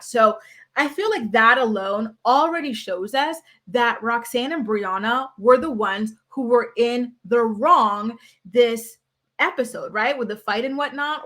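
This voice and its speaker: A woman's voice: on the high side, unhurried, a bit bright. Chatty gossipy young woman recapping TV. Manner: chatty, gossipy, with frequent "like" and asides. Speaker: recap vlogger. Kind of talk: casual reality TV recap.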